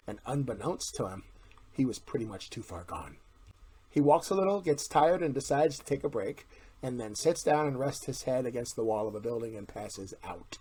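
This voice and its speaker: A husky-voiced man hosts his own vlog at a middling pitch. He talks in a chatty, blunt way and pokes fun at himself as he speaks straight to his viewers. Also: warm tone. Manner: chatty, self-deprecating, blunt. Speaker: vlogger, channel host. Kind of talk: casual vlog with a told joke.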